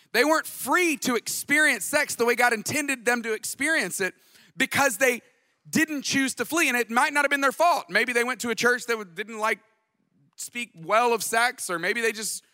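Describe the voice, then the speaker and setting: A man in his thirties preaching a sermon as pastor, conversational and jokey with quick asides. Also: very high-pitched, pushed and bright, studio quality. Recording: long hall reverb.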